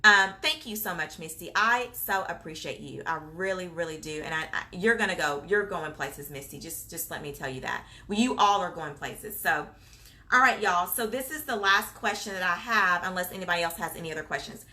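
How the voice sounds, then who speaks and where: Her voice sits fairly low, expressive and a little quick, with a sharp edge. Coaching childcare business owners during an informal live-stream Q&A, she chats warmly and encouragingly, filling pauses often and reading viewers' comments out loud.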